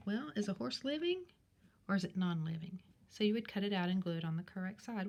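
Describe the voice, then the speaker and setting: A woman's voice: animated, a little mellow. Sing-song woman teaching young children. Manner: slow, sing-song teacher voice with questions that leap high. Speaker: primary school teacher. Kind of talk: recorded remote class lesson.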